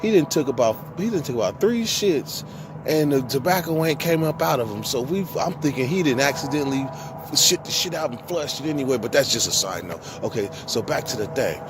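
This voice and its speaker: A man casually telling a long story from his own past, with profane, slangy speech and animated quoted dialogue. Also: mid-range voice, fairly quick, background noise. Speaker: vlogger.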